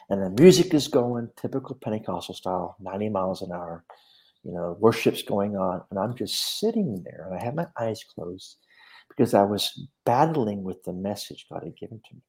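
A minister recounting a personal spiritual experience in conversation, talking earnestly and with animation. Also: male voice, on the low side, expressive, moderate pace, darkish tone.

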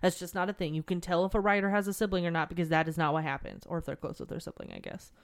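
A woman's voice: lowish voice, very animated, very fast, gravelly. A young woman co-hosting a casual chat, giving emphatic, gushing opinions. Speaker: podcast co-host.

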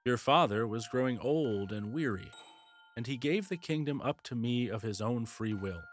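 A man reading aloud, voicing a scheming older male king in a storybook, speaking in a gentle, persuasive way. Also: mid-range voice, expressive, moderate pace, soft background music, natural voice. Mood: soothing.

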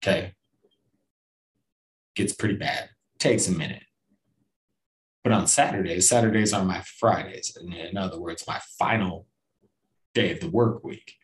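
A man's voice: deep voice, a little slow, long pauses. Rambling, cursing podcast man. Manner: rambling, profane and self-deprecating, with frequent restarts. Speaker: podcast host. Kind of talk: casual solo podcast chat.

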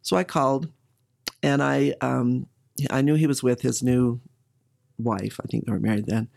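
A woman's voice: rumbling low, fairly even intonation, moderate pace, gravelly, darkish tone. A middle-aged woman candidly telling a personal story in an interview, with emotion and occasional laughter.

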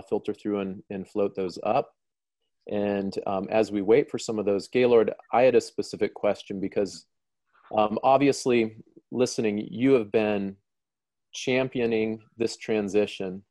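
Low-voiced male host, dry sound. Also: warm tone, no room sound. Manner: measured, filler-heavy, leading questions. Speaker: host of a live Christian broadcast. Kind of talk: interview questions.

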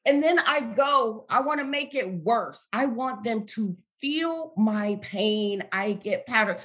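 Expressive woman dramatically retelling a story. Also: on the high side, slow, few pauses. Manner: animated, dramatic retelling with sudden loud outbursts and quiet reflective stretches. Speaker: guest telling a personal story. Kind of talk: emotional personal storytelling.

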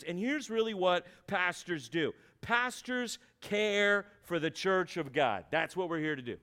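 A man's voice: sits high, sing-song, unhurried, few pauses, fairly bright tone. A male pastor preaching a sermon in a church, talking in a conversational way and acting out everyday voices to make his point.

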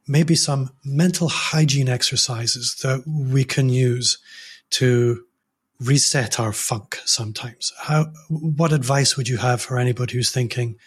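A man's voice: mid-range voice, breathy edge. A middle-aged man hosting an interview podcast, thoughtful and searching for the right words. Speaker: podcast host. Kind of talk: interview conversation.

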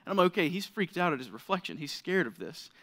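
A man's voice: sing-song, fast, bright, forceful tone. A young man preaching to a college group, casual and chatty, acting out parts of his story. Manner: casual, storytelling, acts out scenes with rising pitch. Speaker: pastor. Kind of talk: sermon. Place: lit stage before a college group.

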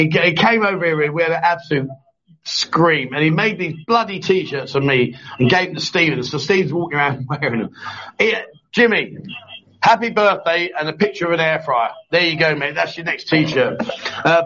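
Teasing guy hosting a live chat, high voice, keeps cracking up, muffled stream audio. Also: fairly bright tone. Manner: jokey, laughing often, teasing. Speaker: host. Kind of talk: live chat show, reading viewer comments.

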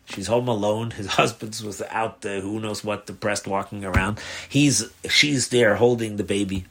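A man, a rabbi, telling a story during a religious class, animated and chuckling along as he narrates. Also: on the low side, moderate pace, gravelly. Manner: animated storyteller, acts out voices, chuckles at his own story.

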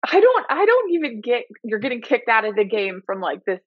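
A female co-host jumping in with animated, reactive remarks during a guest's story. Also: fairly high pitch, a little fast, breathy edge, no room sound, phone-quality sound. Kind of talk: casual interview chat.

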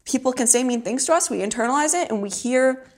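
A woman's voice: high-pitched, quick pace. A young woman in casual conversation, laughing often, saying "like" constantly and swearing offhandedly. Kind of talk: casual chat.

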